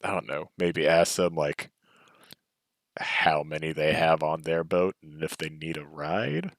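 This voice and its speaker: A man's voice: rumbling low, measured pace, dry recording, clean studio sound. A man playing a tabletop game, chatting casually and making wry, joking asides. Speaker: player.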